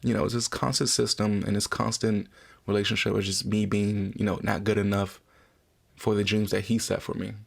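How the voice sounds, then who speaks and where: A podcast host in his twenties talks through a personal story in an open, emotional way. His voice sits low with a gravelly edge. He talks casually and swears freely as he goes. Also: flat delivery, moderate pace.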